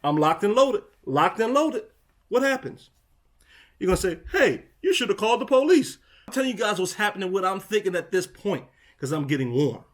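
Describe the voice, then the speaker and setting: This property manager vlogger, narrating outside an empty house, has a high-pitched, animated voice and talks a little fast. His exasperation keeps building the longer he speaks.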